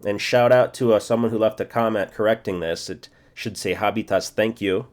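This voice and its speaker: A man in his forties teaches a self-study language lesson in a steady voice on the low side. He thinks aloud, checks himself, and repeats phrases slowly.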